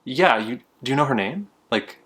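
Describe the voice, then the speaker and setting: A man's voice: medium pitch, lively intonation, normal speed, a bit bright, voice pushed up. A man acting out an oblivious male customer who keeps pressing with prying questions. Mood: nosy, insistent.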